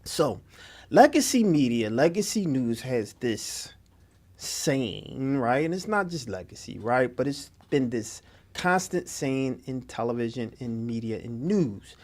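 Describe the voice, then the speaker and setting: A man's voice: mid-range voice, a little slow. A man hosting a community radio talk show, chatting casually and often asking "right?" for emphasis. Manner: animated, laughing, preacher-like emphasis with "right?".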